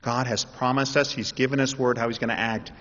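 A man's voice: medium pitch, fairly quick. Preacher man in a reverberant hall. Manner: animated, rising to loud emphatic calls. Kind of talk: sermon. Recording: dull sound with long hall reverb.

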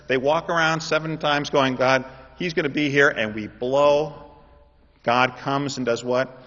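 A man preaching a sermon in an animated way, building up to loud, emphatic calls. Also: mid-range voice, unhurried. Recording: dull sound with long hall reverb.

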